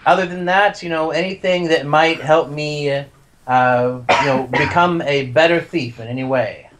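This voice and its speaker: A man's voice: on the high side, measured pace, noisy background. Guy playing a tabletop game, hesitant, lots of ums. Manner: hesitant, many fillers and restarts. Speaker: player. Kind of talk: casual chat in a tabletop game.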